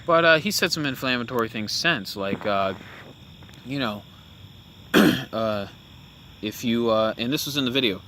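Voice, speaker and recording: A young man talks casually as a podcast host, his voice bright and forward. He rambles, restarting sentences and filling gaps with "uh" and "you know". Faint hiss and insect sounds sit behind him. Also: medium pitch, measured pace, long pauses. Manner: rambling, with many fillers and self-corrections. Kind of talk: casual opinion monologue.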